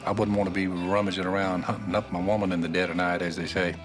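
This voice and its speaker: A man's voice: low-pitched, little pitch movement, fast talker. A man, folksy and drawling as he hands out homespun wisdom. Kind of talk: reality show banter and confessional. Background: music, guitar.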